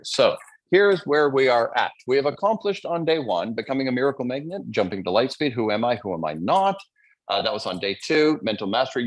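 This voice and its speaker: A man hosting a live online seminar as a motivational coach, talking energetically and playfully, addressing the audience directly. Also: mid-range voice. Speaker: motivational coach, event host.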